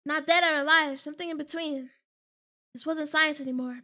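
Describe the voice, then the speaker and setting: A woman's voice: sits high, fairly even intonation, fairly quick, pushed and bright. A young woman streaming a game, joking dramatically and reading its text aloud in a casual chat.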